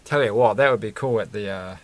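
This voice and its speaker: A man's voice: on the low side, fairly quick. A man chatting casually and rambling while he builds a toy set, chuckling often and breaking off mid-sentence. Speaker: vlogger building Lego sets.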